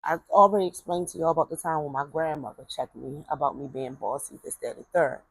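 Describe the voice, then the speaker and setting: A woman's voice: sits low, steady tone, quick pace, husky, no room sound, low-quality recording. A woman speaking, telling a family story in casual talk, rambling with repeated words and fillers and acting out relatives' voices. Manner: acts out voices of relatives in quotes.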